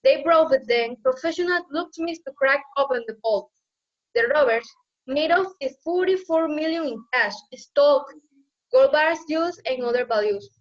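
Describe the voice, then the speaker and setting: A woman's voice: high voice, expressive, moderate pace, dull audio. A teenage girl reading her prepared school presentation carefully, with slightly awkward phrasing. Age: teens. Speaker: student presenter.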